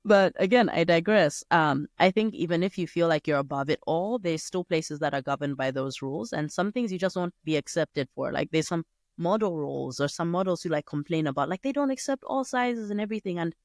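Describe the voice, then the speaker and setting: A young woman hosting a solo podcast, talking in a chatty, digressive way with sudden jumps up in pitch. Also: brisk, no echo, studio quality. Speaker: podcast host. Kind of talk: casual solo podcast monologue.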